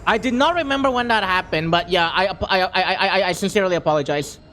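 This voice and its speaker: A young adult streamer chatting casually with viewers, excitable, laughing often and stumbling over repeated words when flustered. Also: mid-range voice, fast. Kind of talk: casual live-stream chat.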